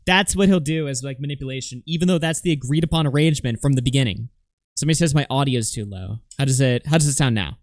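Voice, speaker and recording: A man commenting on a clip during a live stream, mocking the speaker and mimicking him in loud shrieks. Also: mid-range voice, quick pace, dry recording, studio quality.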